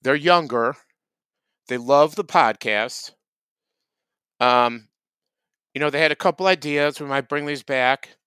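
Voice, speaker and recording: A man with a mid-pitched, smooth voice co-hosts a comedy podcast, teasing his partner with cocky deadpan humor in casual banter. He is recorded up close in a dry space. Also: takes it slowly, long pauses, no room sound. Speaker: podcast co-host.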